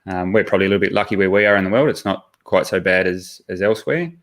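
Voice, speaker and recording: An Australian man chatting as a guest on a live call, friendly and relaxed, with halting restarts. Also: deep voice. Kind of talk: casual chat.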